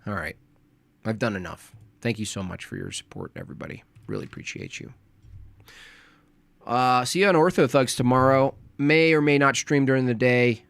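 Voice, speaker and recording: A hoarse man chats casually to his livestream audience, tired and halting, with a dry, close sound. His voice sits in a middling register and he trails off often. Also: mid-range voice, animated, fairly bright tone, dry recording. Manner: rambling, hesitant, tired. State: coughing, losing his voice. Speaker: livestream host.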